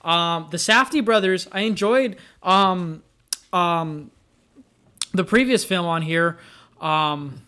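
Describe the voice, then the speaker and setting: A man's voice: high voice, slow, bright, forceful tone, smooth. A young man casually reviewing films, rambling with lots of fillers and restarts. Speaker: film reviewer. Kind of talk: casual movie review vlog.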